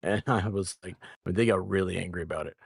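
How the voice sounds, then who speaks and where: A man with a Southern American accent and a low voice tells rambling stories and chuckles between phrases. The sound is dry and close. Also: fast talker, gravelly, breathy edge, no room sound. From Memphis, Mid-South United States. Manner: laid-back, rambling, laughs mid-sentence. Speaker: co-host. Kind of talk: casual storytelling chat.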